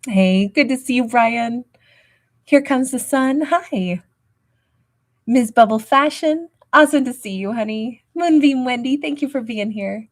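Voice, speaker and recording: A woman's voice: fairly high pitch, expressive, unhurried. A woman hosting a livestream tarot reading, talking in a peppy, emphatic way and greeting viewers with endearments. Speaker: tarot reader and livestream host.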